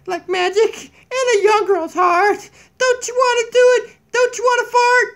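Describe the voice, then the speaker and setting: A squeaky donkey puppet in a very high, piping voice, silly and fart-obsessed, giggling and jumpy. It sounds like a goofy homemade puppet skit recorded on a tablet in a kitchen. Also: male voice, level tone, unhurried, fairly bright tone, exaggerated voice. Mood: giggly. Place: downstairs home kitchen. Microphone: tablet camera mic.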